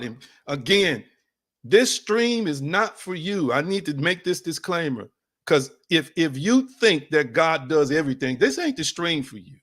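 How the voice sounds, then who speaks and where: A man's voice: fairly high pitch, big pitch swings, moderate pace, fairly bright tone. A man preaching a sermon in a conversational, emphatic way, repeating phrases and calling on his listeners directly. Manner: conversational, addresses audience as y'all.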